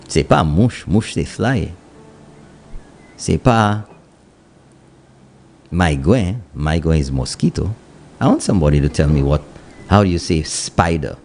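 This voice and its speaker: A man's voice: low-pitched, darkish tone, a little hiss or hum. A man with a Saint Lucian accent hosting a morning radio call-in show. He talks in a playful, teasing way and mixes English with Kwéyòl. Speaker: radio talk show host.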